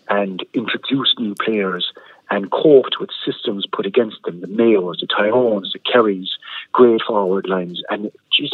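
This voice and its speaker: An Irish man giving emphatic, animated football analysis on sports radio, repeating words for stress. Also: on the low side, breathy edge, no room sound. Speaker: GAA football pundit. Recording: tinny phone-line sound.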